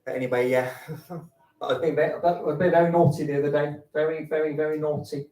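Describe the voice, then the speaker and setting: Speaking fast in a fairly high, warm, level voice, a comedian does camp, raunchy stand-up on a fringe festival stage, adopting put-on voices for his tales. The audio is echoey and captured from a distance.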